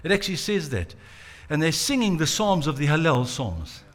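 Male preacher, mid-high voice, dramatic storyteller. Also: big pitch swings, moderate pace, a bit bright. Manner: dramatic storytelling, acts out quotes. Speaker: pastor. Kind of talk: sermon.

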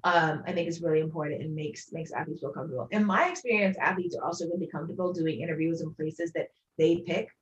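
Relaxed journalist woman, muffled sound. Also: low voice, fast talker, few pauses. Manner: relaxed, filler-heavy, frequent "like". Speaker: journalist guest. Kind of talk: casual interview conversation.

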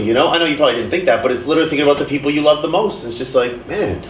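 A young man co-hosting a casual podcast chat tells stories in a slightly high, rapid-fire voice, animatedly acting out what people said with lively swings in pitch. The recording sounds roomy, with the mic at a distance and a little hiss or hum.

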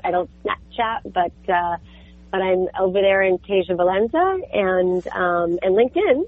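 A woman from New York with a New York accent, a voice actor chatting as a guest in an interview, a little sharp and sarcastic. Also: mid-range voice, dry recording. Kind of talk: casual interview chat. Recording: tinny phone-like line.

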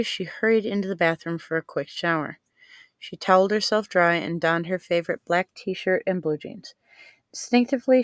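A woman narrating a novel aloud in a measured, unhurried manner. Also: fairly low pitch, no echo. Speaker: audiobook narrator. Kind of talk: scripted narration.

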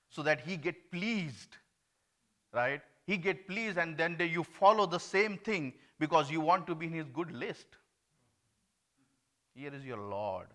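A man from India, preaching an earnest sermon that swings between emphatic and hushed. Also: a little high.

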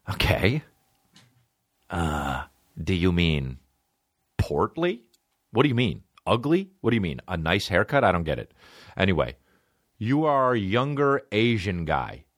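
A man's voice: sits low, sing-song, a little slow, long pauses, no room sound, clean studio sound. A male comedian hosting a podcast, chatting casually in a rambling, sarcastic and profane way.

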